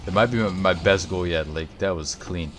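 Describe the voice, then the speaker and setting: Low-voiced young man swearing through gameplay. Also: normal speed, slight background noise. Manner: excitable, swears often, yells at big plays. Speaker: gaming YouTuber. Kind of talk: live gameplay commentary.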